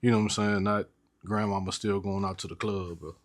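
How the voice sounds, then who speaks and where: A man's voice: on the low side, fairly even intonation, fairly quick. A man co-hosting a podcast in a laid-back casual chat, often using filler phrases. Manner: laid-back, uses frequent verbal fillers. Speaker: podcast co-host.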